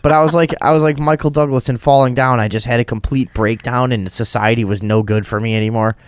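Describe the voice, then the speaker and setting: A man hosting a talk show, telling stories in a profane, rambling, animated way. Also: medium pitch, fast talker, smooth, dry recording. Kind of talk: rowdy podcast storytelling.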